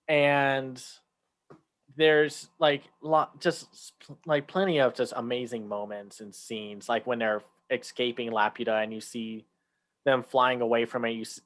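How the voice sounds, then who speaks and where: A man co-hosting a casual chat, talking loosely with many fillers and restarts, sometimes acting out lines in a raised voice. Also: mid-range voice. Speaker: podcast co-host.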